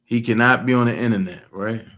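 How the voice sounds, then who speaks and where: Profane, animated male livestream commentator. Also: medium pitch, a little fast. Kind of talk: livestream commentary reading court documents aloud.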